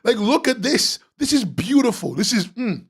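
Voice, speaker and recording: A man's voice: very high-pitched, big pitch swings, normal speed, breathy edge. A man hosting a webcomics podcast, ranting sarcastically as he critiques comic pages, swearing and laughing.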